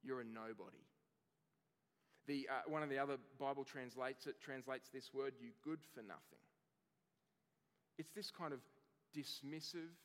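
A man's voice: medium pitch, in a large hall. A man, perhaps in his thirties, preaching a sermon earnestly and building emphasis through long lists. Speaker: pastor.

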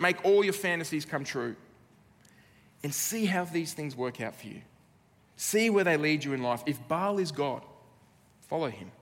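Australian pastor, earnest emphatic sermon delivery, long church-hall reverb. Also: male voice, mid-range voice, fairly bright tone. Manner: earnest, emphatic preaching with dramatic pauses.

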